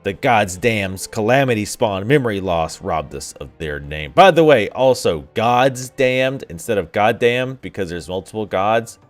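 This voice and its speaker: Sarcastic, lively man reading game text. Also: fairly low pitch, measured pace, few pauses, soft background music. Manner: sarcastic, profane asides. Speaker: let's play gamer. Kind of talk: gameplay commentary, reading game dialogue aloud.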